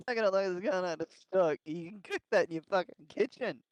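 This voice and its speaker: A man chatting with a friend over voice chat, often breaking into laughter and quick reactions. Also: high-pitched, big pitch swings, dry recording, rough recording. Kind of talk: casual chat.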